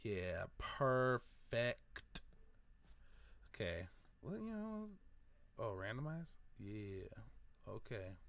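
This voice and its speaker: A man with a somewhat low voice giving casual let's-play commentary. He rambles and thinks aloud as he weighs each choice. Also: very animated, drawn-out words, gravelly, long pauses, fairly bright tone. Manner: rambling, thinking aloud while choosing options. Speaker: gaming video host.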